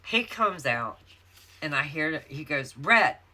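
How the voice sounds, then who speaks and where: A Southern-accented planner vlogger from North Carolina, USA, chats through a long story while decorating a planner in her home craft office. Her low-pitched voice has big pitch swings and a sharp tone, and she laughs and drifts into drawn-out asides.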